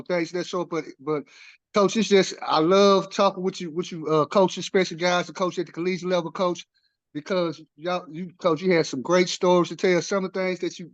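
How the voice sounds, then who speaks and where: A man's voice: a little high, no echo. A male host interviewing a coach, saying "Coach" constantly and filling gaps with "uh". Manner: says "Coach" constantly, many "uh" fillers. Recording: dull lo-fi sound.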